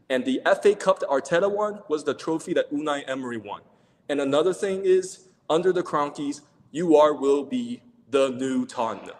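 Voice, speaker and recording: A young man calls in to a fan show and teases another caller in quick, needling banter. His voice sits a touch high. The line carries a long, roomy reverb with faint noise underneath. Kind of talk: call-in banter.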